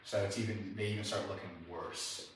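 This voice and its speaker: A man working as a dog trainer, talking through a live training session in a relaxed, explanatory way. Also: fairly low pitch, a little fast. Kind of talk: hands-on training demonstration. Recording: very echoey room, distant mic, faint noise.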